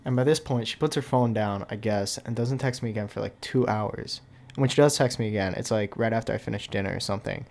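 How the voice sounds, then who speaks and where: A man's voice: fairly low pitch, fast, gravelly, a little mellow, slight background noise. A young man casually telling a storytime, rambling and packing his talk with "like", with offhand, wry asides. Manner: rambling, filler-heavy with constant "like". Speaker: storytime YouTuber.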